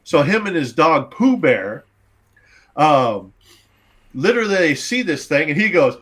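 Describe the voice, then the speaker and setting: A man hosting a casual movie review podcast, recapping scenes in an animated, profane way. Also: a little high, a little slow, breathy edge. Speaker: podcast host.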